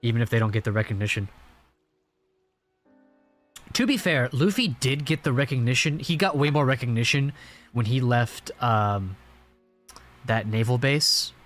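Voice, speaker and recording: A man's voice: mid-range voice, expressive, moderate pace, long pauses, a bit bright, faint music behind. A man hosting a reading reaction, giving hesitant, rambling casual commentary. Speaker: reaction host.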